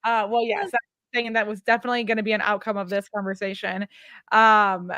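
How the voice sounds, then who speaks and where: A woman hosts an interview over a video call, effusive and appreciative in tone. Her voice sounds dry and close, with a mid pitch. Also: level tone, brisk, sharp tone, dry recording. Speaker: interview host.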